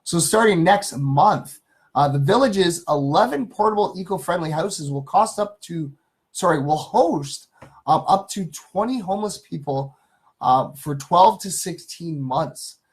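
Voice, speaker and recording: Live-stream host, male, slightly higher voice, reads good-news stories in a loose, chatty way with lots of ums. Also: lively intonation, unhurried. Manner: chatty, greets chat viewers, many ums and uhs.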